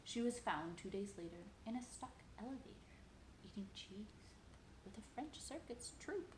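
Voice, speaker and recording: A woman's voice: fairly high pitch, expressive, normal speed, reverberant, noisy background. A woman reading a children's picture book aloud at home, sing-song and playful, talking to a toddler between pages.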